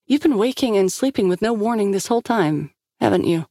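A calm, shrewd woman agent who probes with measured questions, voiced by a woman reading a story. Her voice sits higher than the narration, slightly gravelly. The recording is dry and close. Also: no echo. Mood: probing.

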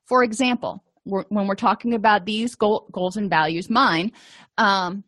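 A woman's voice: mid-range voice, unhurried, fairly bright tone, dry recording, clean studio sound. A middle-aged woman therapist teaching a skills lesson in a conversational, explanatory way with casual asides. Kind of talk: lecture.

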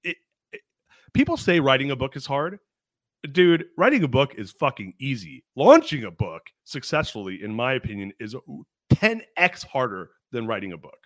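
A man's voice: mid-range voice, big pitch swings, moderate pace, no room sound, studio quality. A man hosting a podcast who talks casually, with frequent restarts and some swearing. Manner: casual, swears, many restarts, calls people dude. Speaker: podcast host. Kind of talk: casual conversation.

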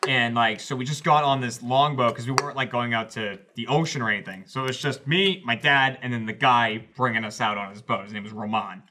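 A man co-hosting a podcast, telling an anecdote in an animated way and laughing at his own story. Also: mid-range voice, a little fast, hardly any pauses. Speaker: podcast co-host. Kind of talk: casual chat.

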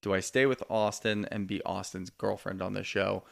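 Podcast co-host, male, mid-pitched with a gravelly edge, casual storyteller. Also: moderate pace. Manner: relaxed storytelling, quotes people in lively bursts. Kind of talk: casual chat recapping reality TV.

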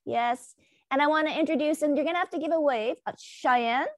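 A woman hosts a casual chat over a video call, talking in a high, lively register. She is chatty and upbeat, with a ready laugh between welcomes. The sound is dry and close, with no room echo. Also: brisk. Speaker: host.

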